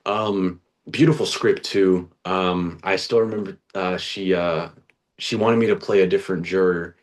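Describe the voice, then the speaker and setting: A young man with a very low voice tells his acting story in a relaxed interview. He is chatty and earnest, restarts his sentences often and drops casual slang. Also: moderate pace. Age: young adult. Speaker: guest, actor.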